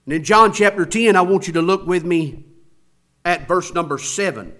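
A man's voice: high-pitched, moderate pace, a bit bright. A man preaching a sermon with an emphatic, rising and falling preaching cadence.

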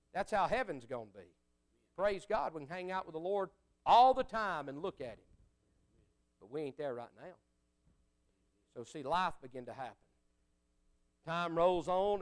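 Male preacher, high voice, smooth and resonant, folksy, swings from loud to soft. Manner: folksy, rising to fiery shouts and dropping to quiet asides. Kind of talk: sermon.

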